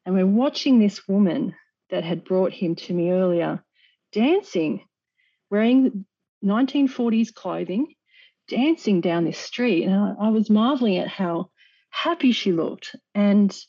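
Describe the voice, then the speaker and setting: A woman's voice: medium pitch, expressive, measured pace, mellow. A woman recounting a personal experience as a guest, earnest, with frequent restarts and small nervous laughs. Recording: dull lo-fi recording.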